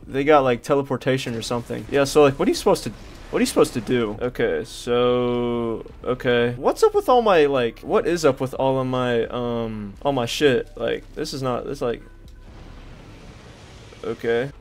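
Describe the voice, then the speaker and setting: A young man giving crude, rambling commentary while playing a game, yelling at it when things go wrong. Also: mid-range voice, expressive, moderate pace, slight background noise. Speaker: gaming streamer. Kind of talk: casual gameplay commentary.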